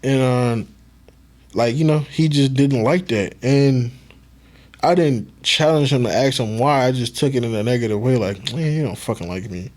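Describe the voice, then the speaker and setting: Relaxed male podcast guest, former football player, loose storytelling. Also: medium pitch, a little slow. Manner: laid-back, swears casually, acts out quotes. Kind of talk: casual storytelling.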